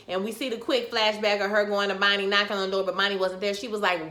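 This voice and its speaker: A woman recapping a TV episode in a casual vlog, animated and slangy, acting out the characters' lines. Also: mid-range voice, quick pace, hardly any pauses. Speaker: TV recap host. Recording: echoey room.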